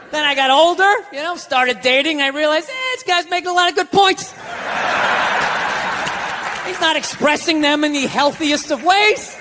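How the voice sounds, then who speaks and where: High-pitched sarcastic male stand-up comic. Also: background noise. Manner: sarcastic, blunt, profane. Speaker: stand-up comedian. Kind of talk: stand-up routine.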